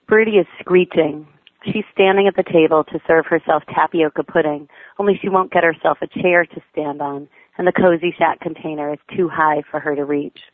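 A woman's voice: low-pitched, fairly even intonation, normal speed, dry recording. Woman reading her essay over a tinny line. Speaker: mother reading her own diary essay. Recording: tinny phone-like line, dry.

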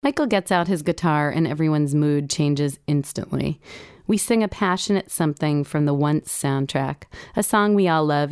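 A woman reads her own personal essay aloud with wry, gentle humor in a low, smooth voice. Each word is clear and even. The recording is dry and close, with no room sound. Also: dry recording. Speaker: blog writer reading her own entry.

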